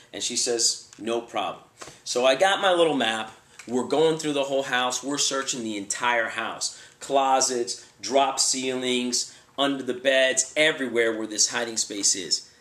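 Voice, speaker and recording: A bail enforcement agent with a medium-pitched voice tells a casual story about tracking down a fugitive, animatedly acting out the voices in his quotes. The sound is reverberant.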